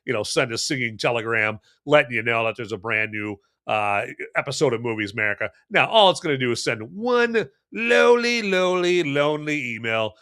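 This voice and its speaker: A man's voice: mid-range voice, lively intonation, a little fast, few pauses. A man hosting a casual live-streamed movie review podcast, speaking playfully and straight to his viewers with many fillers and restarts. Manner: lots of fillers and restarts, swings between loud and hushed.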